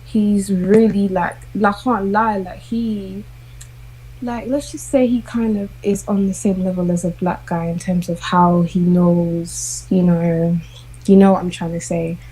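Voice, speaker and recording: Hesitant young woman, husky. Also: medium pitch, fairly even intonation, unhurried, mellow, low-quality recording. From South London. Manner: hesitant, filler-heavy storytelling. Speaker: guest. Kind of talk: casual chat.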